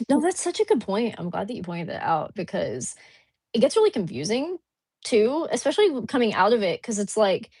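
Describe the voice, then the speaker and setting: A woman's voice: mid-range voice, sing-song, brisk, a little mellow, husky, no room sound. A woman in casual conversation, making her points earnestly and with emphasis. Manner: earnest and emphatic, building an argument. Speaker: co-host in a conversation. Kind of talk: casual chat.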